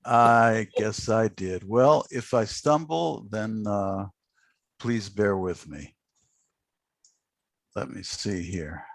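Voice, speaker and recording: Slow, unhurried man on a video call. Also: lowish voice, gravelly, no room sound. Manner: unhurried, gently joking, with frequent uh fillers. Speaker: host of a poetry prize ceremony. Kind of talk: emceeing and reading a poem aloud. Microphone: video call microphone.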